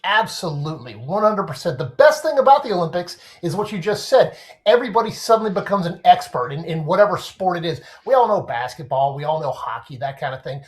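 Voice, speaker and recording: Speaking briskly with few pauses in a high-pitched voice, this man joins a casual podcast discussion as a guest sports writer. He explains things in an animated way, reaching for everyday comparisons.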